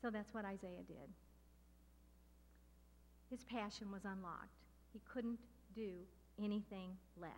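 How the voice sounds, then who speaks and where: A middle-aged woman preaching a sermon with passion and emphasis, slowing down to stress key words. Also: medium pitch, fairly even intonation, a little mellow, a little hiss or hum. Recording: long hall reverb.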